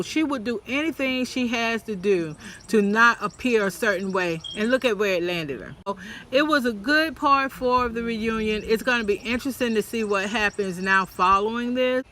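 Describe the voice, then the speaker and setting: A man rants in a sassy, animated way, acting out quotes in a mocking voice. His voice sits high and sounds bright and forceful, like a casual vlog commentary. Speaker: reality TV commentator.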